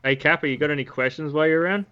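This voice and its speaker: A man's voice: on the high side, very fast, clean tone, muffled recording. A man chatting on a stream as a guest. He is blunt and joking, and he swears often. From Australia. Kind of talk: casual stream chat.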